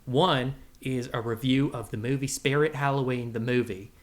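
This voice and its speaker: A man's voice: medium pitch, fairly even intonation, moderate pace, voice pushed down, lightly acted. Brief: man doing a hammy, drawling cowboy outlaw, self-interrupting quiz host. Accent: put-on cowboy drawl. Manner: rambling, goofy, self-interrupting. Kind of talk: comedic podcast bit.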